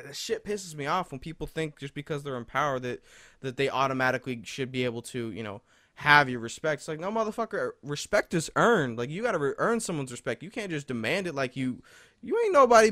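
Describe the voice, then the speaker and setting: A man's voice: medium pitch, bright, forceful tone, no echo, clean studio sound. A young man hosting a podcast, telling a long story in a rambling, profane way with many fillers, getting heated as he goes. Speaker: podcast host. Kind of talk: casual storytelling chat.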